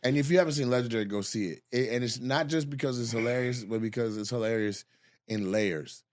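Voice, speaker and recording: A man's voice: medium pitch, fairly quick, dry recording, clean studio sound. A man hosting a casual podcast chat, a comedian who tells stories animatedly, swears freely and laughs a lot. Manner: animated storyteller, profane and laughing. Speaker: podcast host.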